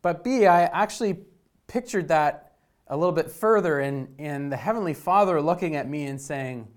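A man's voice: on the high side, lively intonation, normal speed. Middle-aged male pastor preaching. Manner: storytelling, dynamic swings between emphatic and hushed. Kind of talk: sermon.

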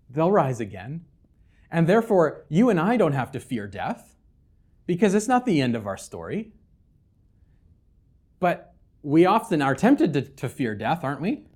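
A man preaching a sermon as pastor, swinging between loud, emphatic scripture reading and quiet, conversational asides with humor. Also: medium pitch. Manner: conversational, with casual fillers and humor.

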